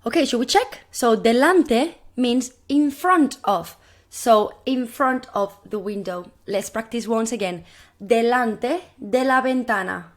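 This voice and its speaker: Woman, primary language teacher; encouraging, repeats phrases slowly for pupils to echo. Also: fairly high pitch. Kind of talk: recorded classroom video lesson.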